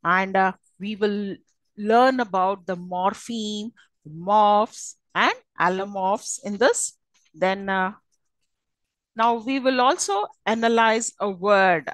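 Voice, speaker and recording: A woman's voice: medium pitch, slow, dry recording, low-quality recording. A woman with an Indian English accent giving a university lecture on phonetics, with many fillers and frequent checking questions to the class.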